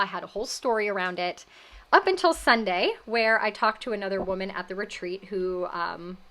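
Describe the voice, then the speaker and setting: Recounting her experience on her wellness podcast, a woman speaks a little fast in a mid-range voice. Her storytelling is animated and informal, and she acts out the voices she quotes.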